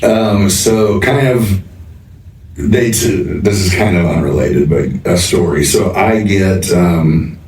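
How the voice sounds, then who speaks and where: Low-voiced man telling a roomy story. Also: takes it slowly, a little mellow, far from the mic. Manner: rambling, swears freely, laughs through his own anecdote. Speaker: podcast host. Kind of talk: casual storytelling chat.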